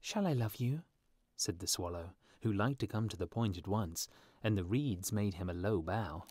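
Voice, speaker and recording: A man narrating a storybook for English learners with a clear, measured reading. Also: low voice, darkish tone, dry recording. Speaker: audiobook narrator.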